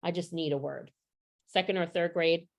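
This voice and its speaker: A woman's voice: lowish voice, fairly even intonation, moderate pace, gravelly. A middle-aged woman training teachers on vocabulary instruction, practical and asking the audience questions. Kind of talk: professional development workshop.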